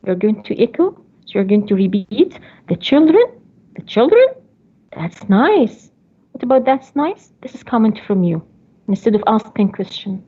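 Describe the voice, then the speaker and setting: Brief: higher-pitched husky woman lecturing an online class, patient step-by-step explanations, dull call audio. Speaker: English teacher. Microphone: computer mic on a video call.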